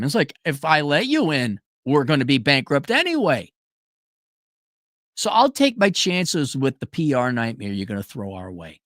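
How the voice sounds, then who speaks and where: A man's voice: a little high, very animated, a little slow, a bit bright, no echo, studio quality. A man delivering a profane, sarcastic ranting monologue, breaking into mocking voices. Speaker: commentator.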